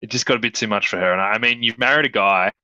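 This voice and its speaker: A man co-hosting a casual film podcast, talking in an animated way and acting out bits of dialogue. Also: on the low side, racing, dry recording, lo-fi sound. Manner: animated, acts out quoted dialogue. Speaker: podcast co-host.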